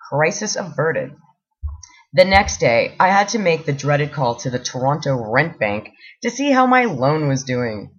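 A woman reading her own blog post aloud with a wry, self-mocking humor. Her husky voice rises and falls in a lively way. The recording sounds dull and lo-fi. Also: mid-range voice.

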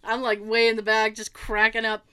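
A woman's voice: on the high side, monotone, normal speed, pushed and bright, smooth. A middle-aged woman telling a funny family story in casual chat, acting out the quotes and laughing often.

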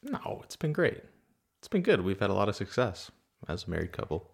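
A man's voice: on the low side, wildly swooping pitch, brisk, vocal fry, slightly rough. A man co-hosting a podcast, chatting casually with his wife with dry, teasing humor. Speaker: podcast co-host. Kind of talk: casual chat with spouse.

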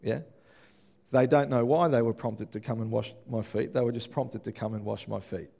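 An Australian man preaching a sermon as pastor, telling stories with lively energy and often checking in with the congregation. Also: mid-range voice, normal speed, gravelly. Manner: animated storytelling with frequent "yeah?" check-ins to the congregation.

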